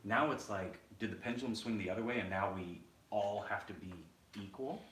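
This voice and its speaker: A man's voice: lowish voice, brisk, a bit bright. A man co-hosting a podcast, talking in a casual, blunt, opinionated way and swearing freely. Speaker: podcast co-host. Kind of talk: casual chat. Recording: roomy echo, distant mic, faint noise.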